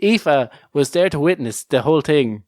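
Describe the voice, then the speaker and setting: A man's voice: a little high, lively intonation, normal speed, a little mellow, no room sound, studio quality. An Irish man co-hosting a podcast in casual chat, telling stories and laughing often. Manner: laughs often, restarts, storytelling. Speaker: podcast co-host.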